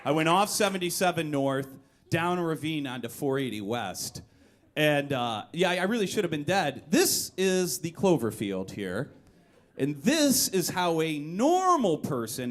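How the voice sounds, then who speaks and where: Animated man telling a story on stage. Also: measured pace. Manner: animated, shouts quoted lines in a high voice. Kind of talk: live one-man comedy storytelling. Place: live music venue stage. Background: audience laughter.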